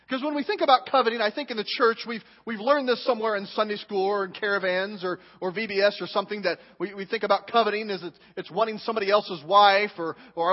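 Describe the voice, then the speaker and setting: A man preaching a sermon, leaning hard on drawn-out stresses and repeating words for emphasis. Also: high voice, long reverb tail, highs cut off. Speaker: pastor.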